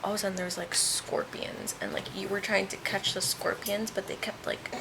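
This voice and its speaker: Giggly young woman vlogging with a gravelly edge. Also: mid-range voice, flat delivery, brisk, background noise. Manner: chatty, giggly, laughs often. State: recovering from oral surgery. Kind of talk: casual chat. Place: hospital room.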